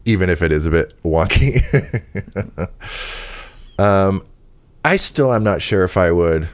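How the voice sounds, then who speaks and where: Male podcast host, very low voice, meandering, filler-heavy delivery. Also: expressive, unhurried. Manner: rambling, with frequent fillers and laughs. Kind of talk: casual chat.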